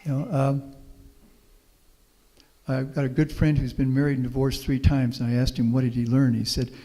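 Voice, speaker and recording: A man's voice: medium pitch, level tone, moderate pace, mellow. A middle-aged man from Houston, Texas, giving a folksy, anecdotal public talk as a professor and answering audience questions. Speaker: guest speaker, professor. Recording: long reverb of a meeting hall.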